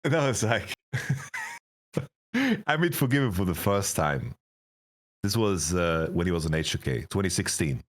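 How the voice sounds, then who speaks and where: A man's voice: low voice, sing-song, measured pace, pauses often. A young man, an esports head coach, telling stories in a casual interview, laughing often and filling his speech with "like". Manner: laughs through stories, lots of fillers.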